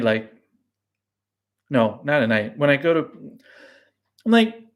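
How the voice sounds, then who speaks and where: Rambling self-mocking man on a live stream. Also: mid-range voice. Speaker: beer blog host. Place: home brew house.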